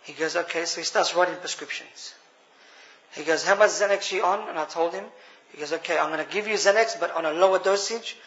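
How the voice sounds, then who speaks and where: A man speaks briskly in a slightly high, fairly bright voice, his Australian accent clear as he offers an earnest personal testimony to a gathering. He addresses them as brothers; the recording sounds dull and lo-fi.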